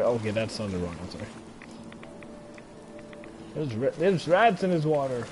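A man giving casual, excitable gameplay commentary, thinking aloud and swearing often, his throat a little strained. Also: medium pitch, measured pace, pauses often, slight background noise. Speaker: gaming let's-player.

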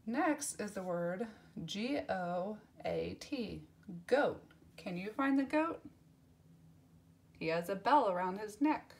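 A woman's voice: medium pitch, lively intonation, takes it slowly. A woman teaching young children, spelling out words letter by letter and repeating them in a sing-song voice with cheerful praise. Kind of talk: children's lesson.

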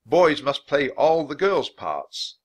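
A man's voice: on the high side, big pitch swings, takes it slowly, pitched above the performer's own voice, heavily acted. A man playing a grand, courtly old-time playwright. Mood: theatrical. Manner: theatrical, courtly.

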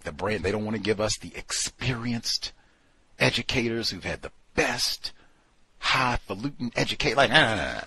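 A man's voice: deep voice, slightly rough, no room sound. A man hosting a talk show, giving casual, sardonic commentary full of asides. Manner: animated, sardonic, conversational with fillers. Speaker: radio show host.

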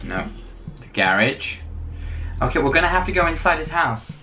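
A man's voice: fairly high pitch, very animated, normal speed, bright, forceful tone, faint music behind. A man commentating his own horror game playthrough, jumpy and swearing, yelping when startled. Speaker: gaming video host. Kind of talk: let's play commentary.

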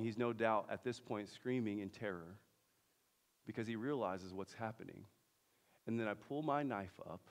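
A man, preaching a sermon, moving between loud emphasis and hushed storytelling. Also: medium pitch. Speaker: pastor. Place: church hall. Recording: long church-hall reverb.

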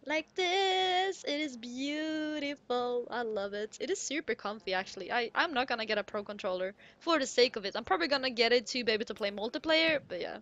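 A woman's voice: on the high side, quick pace, few pauses, a bit bright, lo-fi sound. A woman giving casual, chatty let's-play commentary, giggling and swearing casually. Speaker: gaming streamer.

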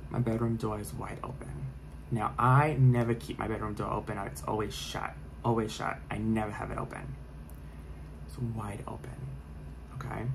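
A man's voice: fairly low pitch, level tone, moderate pace, creaky, background noise. A young man telling a scary story in a casual vlog, rambling with lots of fillers and restarts.

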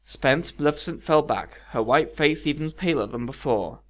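A man reads a fairy tale aloud in a measured, expressive way, as scripted storybook narration. His voice sits a little high for a man, and the lo-fi recording sounds dull.

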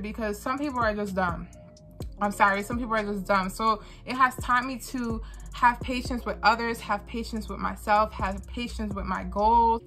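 Bright-voiced earnest young woman vlogger. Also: on the high side. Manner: earnest, repeats phrases for emphasis. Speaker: vlogger and small business owner. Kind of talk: candid talking-head vlog.

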